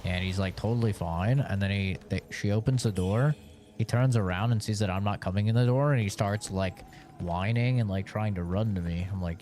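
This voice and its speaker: A man's voice: lowish voice, moderate pace, a little mellow, slight background noise. A young man streaming a game, telling rambling, profane stories in casual chat. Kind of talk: casual chat while gaming. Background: game music.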